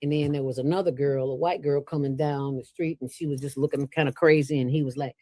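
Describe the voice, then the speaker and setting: A woman with a low voice tells stories as an interview guest. She talks in an emphatic, colloquial way and acts out the dialogue as she goes. Her voice is recorded close and dry. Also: quick pace, hardly any pauses, no echo. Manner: emphatic, colloquial, animated retelling with quoted dialogue. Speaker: nonprofit founder guest. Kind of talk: casual storytelling interview.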